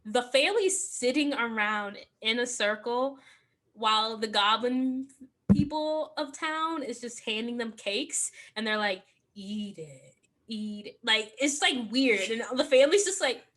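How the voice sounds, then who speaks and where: A woman's voice: a little high, unhurried, a bit bright. A young woman co-hosting a casual podcast, rambling and laughing, with lots of "like". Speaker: podcast co-host. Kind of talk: casual chat.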